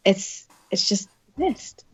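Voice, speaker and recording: A woman co-hosting a podcast in casual chat, bubbly and quick, often repeating words as she gets going. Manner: bubbly, fast-talking, repeats words when excited. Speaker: podcast co-host.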